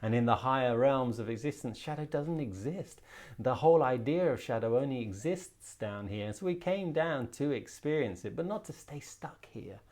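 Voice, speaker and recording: A man's voice: mid-range voice, animated, normal speed, a little mellow. A man who is a tarot reader and spiritual healer, explaining a card in a reflective, rambling way with frequent restarts.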